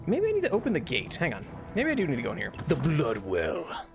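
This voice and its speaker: A young male streamer talks through his gameplay in a loose, rambling way, laughing often and restarting his sentences. His pitch swings widely, and he turns bright and high whenever something startles him. Game music plays clearly underneath. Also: wildly swooping pitch, fast. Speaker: VTuber streamer. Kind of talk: casual gameplay commentary.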